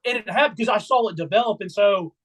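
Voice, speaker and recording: A young man co-hosting a casual sports podcast, excitedly retelling a game day and acting out his own trash talk. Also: high voice, fast talker. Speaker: podcast co-host.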